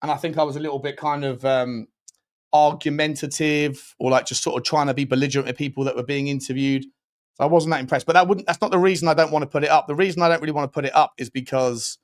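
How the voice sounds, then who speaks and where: A young man, hosting a casual live fan stream, rambling and chatty, with sudden loud bursts of excitement when he thanks viewers. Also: on the high side, fast talker. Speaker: fan channel host.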